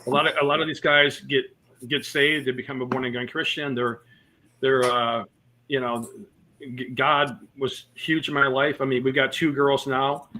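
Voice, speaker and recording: A comedian telling personal stories in a casual interview, mixing jokes and fillers. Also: male voice, mid-range voice, level tone, moderate pace, bright, forceful tone, slight background noise. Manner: storytelling with jokes and many fillers. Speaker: comedian guest.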